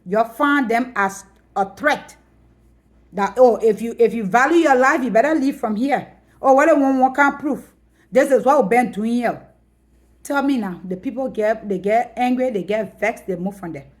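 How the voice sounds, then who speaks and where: A middle-aged woman with a Liberian accent, ranting to her viewers in a loud, emphatic way, repeating her points. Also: fairly high pitch, moderate pace. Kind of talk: impassioned rant to camera.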